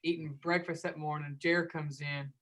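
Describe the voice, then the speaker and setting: A man tells rambling, relaxed tour stories in a casual chat. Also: fairly high pitch, moderate pace, rough recording. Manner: relaxed, rambling storyteller with Southern speech. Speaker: band member co-hosting a chat.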